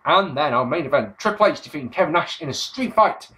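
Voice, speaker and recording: A man's voice: fairly high pitch, fast talker. A British man hosting a casual solo podcast, reviewing with sarcasm and plenty of swearing. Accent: British English. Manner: animated, sarcastic, swears freely. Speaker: podcast host.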